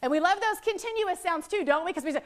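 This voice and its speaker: A middle-aged woman running a literacy workshop for teachers, leading the group through letter sounds in a lively way. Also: very high voice, fast talker, a little hiss or hum. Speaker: literacy trainer.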